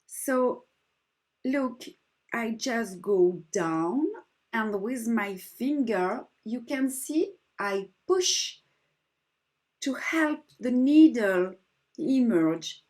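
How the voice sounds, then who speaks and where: A woman's voice: fairly high pitch, lively intonation, extremely slow. A woman with a French accent, speaking English as a second language, patiently walking viewers through an embroidery stitch step by step. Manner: gentle, patient, slightly broken English. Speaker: embroidery teacher. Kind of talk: slow step-by-step craft demonstration.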